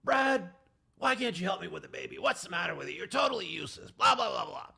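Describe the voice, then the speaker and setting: A man putting on the voice of a shrill wife yelling at her husband. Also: very animated, quick pace, creaky, breathy edge, exaggerated voice. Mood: screaming.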